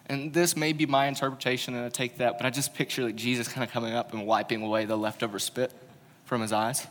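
A man's voice: medium pitch, little pitch movement, fast, fairly bright tone. A man preaching a casual, conversational sermon, telling stories with informal humorous asides. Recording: long reverb of a large hall.

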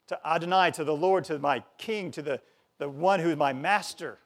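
A man preaching a conversational sermon, chuckling often and swinging from quiet, hushed stretches to sudden loud outcries. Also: a little high, normal speed.

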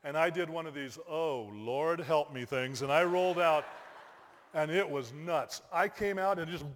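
A middle-aged man, a pastor, telling a lively personal story in a sermon, bursting into shouted exclamations. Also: a little high, moderate pace. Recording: long hall reverb.

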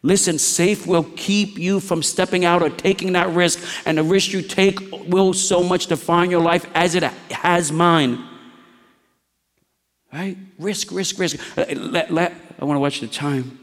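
A middle-aged pastor preaching in a church, his fairly high voice carried by a long reverb. He tells personal stories in a hushed tone, then builds to urgent calls to take risks in faith. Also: fairly even intonation, measured pace. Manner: storytelling preacher, shifts between hushed anecdote and rising exhortation. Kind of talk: sermon.

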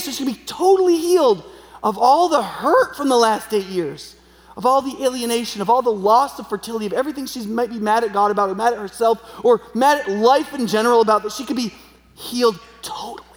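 A man preaching a sermon in a conversational way, often checking in with the audience. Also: very high voice. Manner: conversational, frequent tag questions. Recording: long hall reverb.

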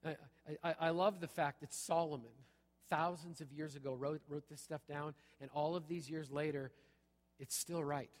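High-voiced pastor in a reverberant hall. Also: male voice, steady tone, normal speed. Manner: punchy, repeats "okay?" often. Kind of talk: sermon. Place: church sanctuary.

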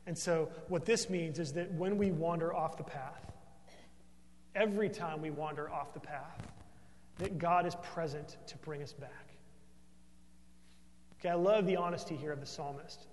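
A man's voice: fairly high pitch, moderate pace, pauses often, darkish tone, big-room sound. A man preaching a sermon as pastor, earnest and emphatic, often tossing in a questioning "right?" to the congregation.

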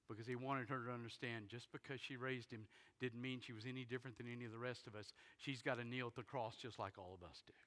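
A man preaching a sermon, retelling a story dramatically and swinging from loud bursts to hushed near-whispers. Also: mid-range voice. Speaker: pastor. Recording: long hall reverb in a big sanctuary.

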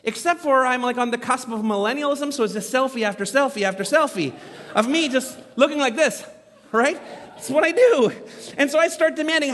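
A man in his thirties telling a story in a sermon as a pastor, animated and poking fun at himself. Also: extremely high pitch, brisk. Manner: animated, self-mocking humor. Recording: long reverb from a large hall.

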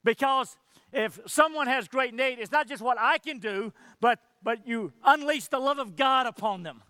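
Here the pastor's voice is extremely high, pushed and bright yet clean, moving at a moderate pace with no echo. His sermon is passionate, full of acted-out lines between God and Moses and sudden drops to near whispers.

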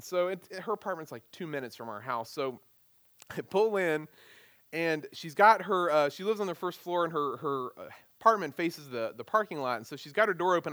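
A middle-aged man preaching as a pastor, moving from prayer into an animated, self-deprecating personal story. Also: fairly high pitch, no echo.

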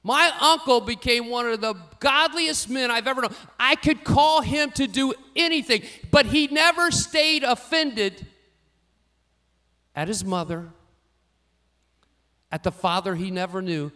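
A man preaching a sermon, telling personal stories and swinging from quiet asides to louder emphatic lines. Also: extremely high pitch, lively intonation, a little slow. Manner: storytelling, varies loudness widely, rising for emphasis. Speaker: pastor.

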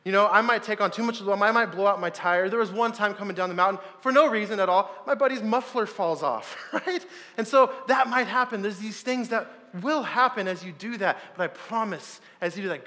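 A man preaching, telling a personal story in a casual, animated way with loud bursts. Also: high-pitched, brisk, in a large hall. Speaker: pastor.

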